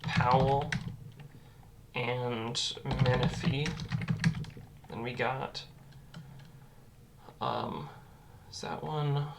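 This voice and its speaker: Very low-voiced woman over loud typing. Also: fairly even intonation, vocal fry, background noise. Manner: quick, quiet listing with self-corrections and wry asides. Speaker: geography video creator. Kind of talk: muttering recall while typing. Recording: loud keyboard clatter close to mic. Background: loud keyboard typing.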